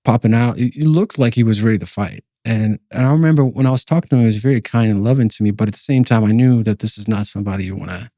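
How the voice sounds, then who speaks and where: A man's voice: lowish voice, quick pace, few pauses, dark tone, dry recording, clean studio sound. A man co-hosting a podcast, recounting a personal dream as a testimony in a rambling way, full of fillers and restarts. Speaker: podcast co-host.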